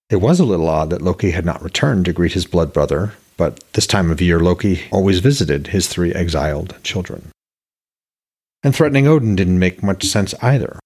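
A man narrating his own fantasy novel as an audiobook, in a measured, descriptive storytelling voice. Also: sits low, a little mellow, husky.

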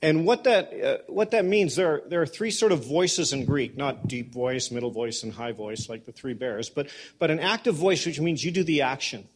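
Man, pastor, sermon, husky, conversational preaching, folksy humor. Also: on the high side, moderate pace, few pauses. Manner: addresses congregation members directly.

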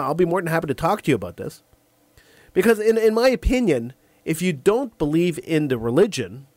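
Opinionated male talk-show host, lively swooping delivery, slightly high, often stuck on repeated words, dry close sound. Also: dry recording. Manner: acts out imagined callers in quick back-and-forth. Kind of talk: call-in radio talk monologue.

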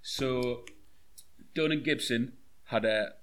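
A man's voice: medium pitch, slow pace, fairly bright tone, clear, resonant tone. A man chatting as a podcast co-host about a wrestling match, joking and hesitating with fillers. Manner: chatty, jokey, hesitant with ums. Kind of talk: casual chat recapping a wrestling show.

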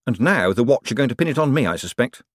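A man reading an audiobook and voicing a quick-witted young male con man turned banker in a dry, wry manner. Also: mid-range voice, big pitch swings, no echo, pitched above the performer's own voice.

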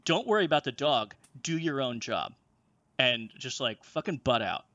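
A man's voice: medium pitch, moderate pace, dry recording, lo-fi sound. A man telling a workplace story on a casual chat show, swearing often and laughing as he goes. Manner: profane, animated, laughing while telling. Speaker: storyteller on a comedy podcast.

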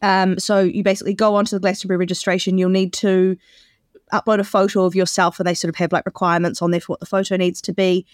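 A woman's voice: mid-range voice, little pitch movement, fast talker, no echo, clean studio sound. A woman co-hosting a podcast in casual chat, explaining things at length and laughing often. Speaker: podcast co-host.

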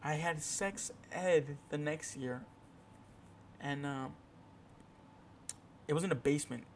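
A man's voice: on the high side, slow pace, a little hiss or hum. A young man hosting his own podcast, telling a rambling, profane, self-deprecating story in a casual solo chat. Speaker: podcast host.

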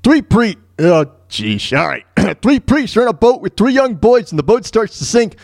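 A man's voice: high voice, very animated, moderate pace, gravelly, no room sound, clean studio sound. A man hosting his own podcast, telling crude jokes and chatting loosely, laughing at his own punchlines. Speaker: podcast host. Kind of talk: casual joke-telling monologue.

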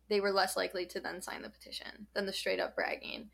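A woman's voice: medium pitch, flat delivery, brisk, creaky, few pauses, a bit bright. A young woman co-hosting a podcast, explaining a study in a chatty way with lots of fillers. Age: young adult. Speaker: podcast co-host. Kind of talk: casual podcast chat.

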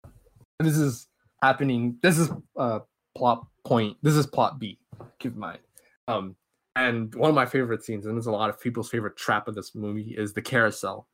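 A man on a podcast, talking casually at a middle pitch. He retells a story in an excitable, rambling way, stumbling over restarts and fillers. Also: normal speed. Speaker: podcast host. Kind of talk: casual podcast chat, retelling a film plot.

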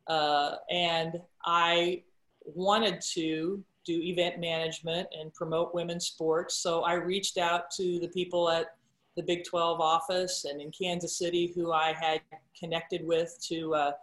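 A middle-aged woman, a sportscaster and guest, telling stories about her career in a casual chat and acting out the quoted dialogue with lively energy. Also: lowish voice, a little slow. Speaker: guest broadcaster. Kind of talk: casual storytelling interview. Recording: roomy echo.

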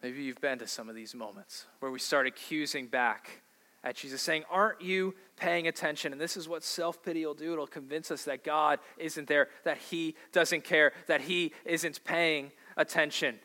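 A man's voice: on the high side, fairly even intonation, moderate pace, sharp tone. A man preaching a sermon as a pastor in a conversational way, asking the congregation questions.

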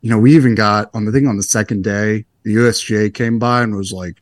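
A young man in his twenties, a golfer being interviewed, telling stories in a relaxed, rambling, self-deprecating way. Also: fairly low pitch, fast talker, dry recording. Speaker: guest golfer. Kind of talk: casual interview storytelling.

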